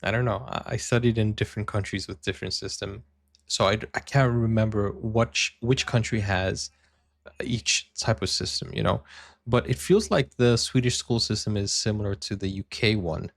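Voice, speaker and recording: A man hosting a reaction video, talking casually and hesitantly with many pauses and laughs. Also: lowish voice, vocal fry, no room sound. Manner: hesitant, many fillers and restarts, laughs often.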